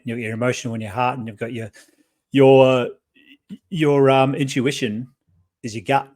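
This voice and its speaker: A man's voice: mid-range voice, fairly even intonation, moderate pace. A man hosting a podcast, musing aloud and repeating words as he gathers his thoughts. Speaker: podcast host. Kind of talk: casual conversation.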